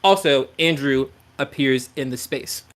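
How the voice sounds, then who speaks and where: A man's voice: mid-range voice, measured pace, fairly bright tone. Rambling male game master. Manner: rambling, filler-heavy, conversational. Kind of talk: narrating a tabletop game.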